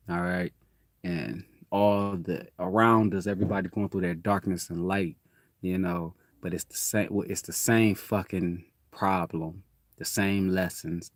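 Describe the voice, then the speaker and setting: A man rambles through a casual spiritual monologue and swears freely. His voice sits a little low. The sound is dry and close, with no room around it. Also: no echo. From Detroit, USA. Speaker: host.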